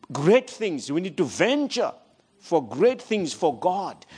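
A man preaching slowly and emphatically, sometimes dropping almost to a whisper. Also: fairly high pitch, breathy edge. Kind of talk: sermon.

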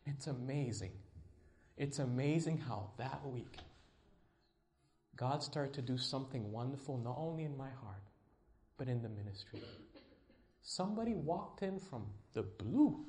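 A male pastor preaching a sermon in an emphatic way, swinging between loud stretches and hushed ones. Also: mid-range voice, lively intonation, measured pace, pauses often.

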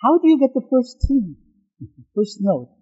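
A middle-aged man, a native Korean speaker, teaching a sermon-style lesson on scripture, halting between phrases and stressing single words. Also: extremely high pitch, big pitch swings, warm tone. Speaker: pastor teaching devotion. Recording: dull lo-fi recording.

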